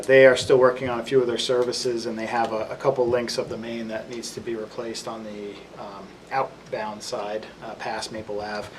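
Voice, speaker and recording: A man updating a town board on road and drainage projects in an informal way, with many fillers. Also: fairly low pitch. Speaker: public works official. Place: meeting room. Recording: distant mic, noisy room.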